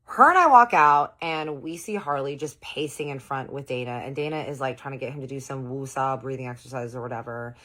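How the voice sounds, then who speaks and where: A woman telling a storytime tale to camera, animated and blunt, acting out quotes and swearing. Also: extremely low pitch, a little fast, hardly any pauses.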